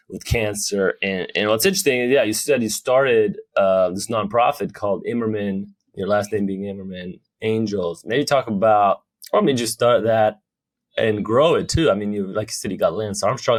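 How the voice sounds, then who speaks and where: A man's voice: on the low side, no echo. A man from Romania co-hosting a podcast, who tells jokey stories before steering back to the guest. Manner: playful, joking asides. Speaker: podcast co-host. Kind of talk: casual interview chat.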